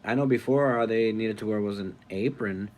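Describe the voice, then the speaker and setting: A man hosting a casual live stream, reading viewer comments aloud, rambling and thinking out loud as he goes. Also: lowish voice, normal speed. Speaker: livestream host.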